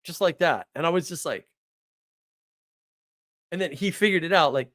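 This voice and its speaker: An American man in his forties telling rambling stories in a casual monologue, sarcastic, with mock outrage and animated asides. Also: on the high side, moderate pace. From United States. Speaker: podcast host.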